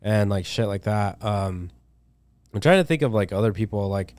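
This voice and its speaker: Low-voiced laid-back man, swearing slangy chat. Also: animated, moderate pace, darkish tone, no echo, studio quality. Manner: loose, rambling, heavy slang and swearing, many fillers. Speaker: tattoo artist guest. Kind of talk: casual podcast chat.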